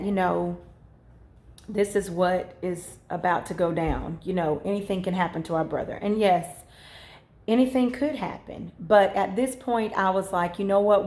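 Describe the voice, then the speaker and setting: A woman's voice: medium pitch, darkish tone. Earnest mother in an echoey room. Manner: earnest, many fillers, quotes her own thoughts. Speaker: homemaking vlogger, mother. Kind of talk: casual storytelling.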